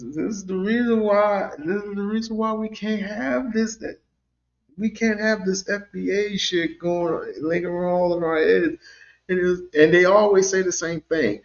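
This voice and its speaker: Gravelly lecturing man, muffled audio. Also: high-pitched. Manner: lecturing, emphatic. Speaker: livestream co-host. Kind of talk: call-in commentary.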